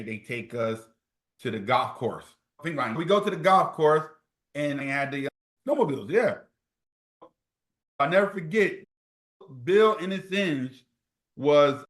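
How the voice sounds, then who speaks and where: Speaking at a medium pitch, a little slowly and with frequent pauses, the New Jersey ex-college football player shares animated stories in an interview. He performs the quoted lines himself, and the recording has a roomy echo.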